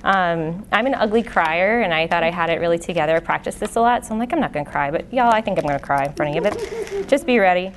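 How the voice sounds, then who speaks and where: Very animated and fast, a woman with a fairly low pitch gives her testimony teaching before a live church audience. She's a late-twenties lay speaker, earnest and conversational with frequent fillers and restarts, heard through a handheld or stand microphone with slight background noise.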